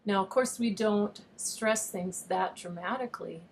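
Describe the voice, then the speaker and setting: A woman's voice: medium pitch, normal speed. A woman teacher giving a patient, explanatory recorded video lesson, at times reading verse aloud with an overstressed rhythm. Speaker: online high school teacher.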